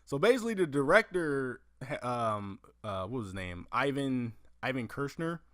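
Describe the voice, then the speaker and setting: A man hosting a casual movie news podcast, profane and animated, acting out lines from films as he tells them. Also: medium pitch, normal speed, dry recording, studio quality. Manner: profane, animated storytelling with acted-out quotes. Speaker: podcast host.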